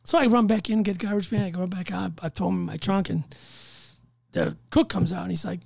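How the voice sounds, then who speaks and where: A man telling a story in casual chat, animated and profane, acting out the voices of others. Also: sits high, brisk, vocal fry. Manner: animated, profane, acts out quotes.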